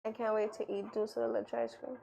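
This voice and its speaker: A young woman with a slightly high voice talks casually on a livestream. She explains the rules of a party game in a loose, chatty way, full of fillers. Her delivery is relaxed and everyday. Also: fairly quick, gravelly, low-quality recording.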